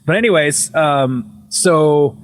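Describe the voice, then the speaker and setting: A man's voice: a little high, takes it slowly. A man telling a story as a podcast guest, casual and full of swearing, often restarting his sentences. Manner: profane, rambling with many restarts.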